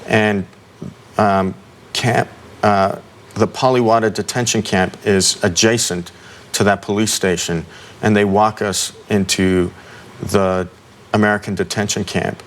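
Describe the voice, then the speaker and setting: A middle-aged man, a guest in an interview, recounting an ordeal in a halting way with many ums and restarts. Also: lowish voice, steady tone.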